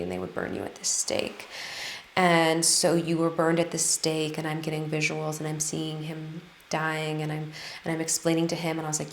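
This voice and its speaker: Energy healer lady telling a story to camera, low gravelly voice, echoey room. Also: a little hiss or hum. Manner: earnest, trailing restarts and fillers.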